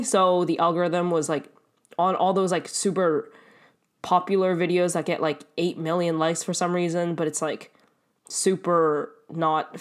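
Young woman, from Canada, slightly low voice, casual solo podcast, rambling, laughing, swearing. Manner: chatty, swears freely, laughs often, rambling asides. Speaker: podcast host.

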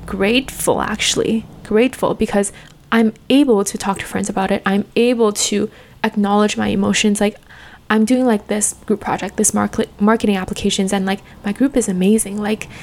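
A woman's voice: mid-range voice, steady tone, normal speed, darkish tone, slight background noise. A young woman talking straight to camera in an earnest, open way, with lots of "like" fillers. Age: young adult. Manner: heavy use of "like", earnest and open. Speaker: vlogger. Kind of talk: casual reflective monologue.

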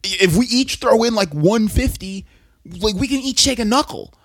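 A man's voice: high voice, expressive, normal speed, no echo, studio quality. A young man in casual chat, telling stories with lots of laughter and acted-out quotes.

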